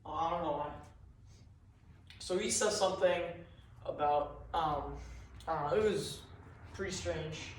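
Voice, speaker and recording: A man's voice: on the high side, measured pace, long pauses, slight background noise. A man telling a rambling comic story in a meandering, confused way. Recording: echoey room, far from mic.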